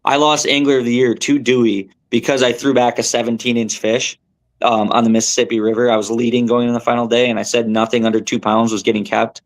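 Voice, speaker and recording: A young man with a mid-pitched, gravelly voice full of vocal fry. He tells a fishing tournament story as a podcast guest, rambling and animated, tripping over himself with fillers and restarts. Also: fast. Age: young adult. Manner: animated, rambling, lots of fillers and self-corrections.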